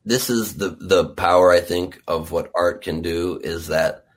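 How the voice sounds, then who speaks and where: A man's voice: deep voice, fairly even intonation, unhurried. A man hosting an interview who reacts with awe and asks earnest, searching questions. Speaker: interviewer host. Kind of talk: conversational interview.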